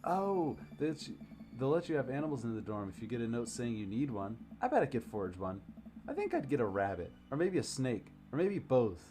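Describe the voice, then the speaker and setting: A man's voice: mid-range voice, big pitch swings, brisk, dark tone, natural voice. A man voicing a bubbly, chatty teenage daughter in a video game, with faint background noise. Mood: giddy. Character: excitable teenage girl, college-bound daughter.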